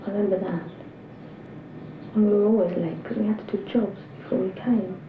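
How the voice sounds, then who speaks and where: A woman's voice: medium pitch, fairly even intonation, fairly quick, roomy sound, narrow, tinny audio, slight background noise. A woman recalling her school days in a plain-spoken, reflective way for a documentary. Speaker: interviewee. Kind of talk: personal documentary recollection.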